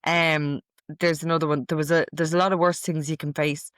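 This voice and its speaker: A woman's voice: deep voice, flat delivery, brisk, a bit bright, dry recording, clean studio sound. A middle-aged woman hosting a casual podcast, reading out quotes from a list in a chatty, amused way. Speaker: podcast host.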